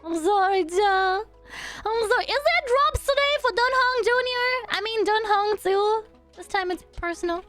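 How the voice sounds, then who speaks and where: A woman's voice: very high-pitched, normal speed, music in the background. A woman streaming live, chatting casually with her viewers in a bubbly, silly way and humming nonsense syllables between remarks. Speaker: virtual streamer. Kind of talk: casual livestream chat with viewers.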